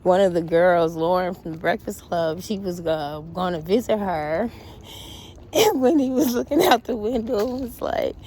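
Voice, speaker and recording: A woman chatting casually on a walk outdoors, reacting to an interview with animated, blunt talk, laughter and swearing. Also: fairly low pitch, moderate pace, slight background noise, rough recording. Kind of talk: casual chat.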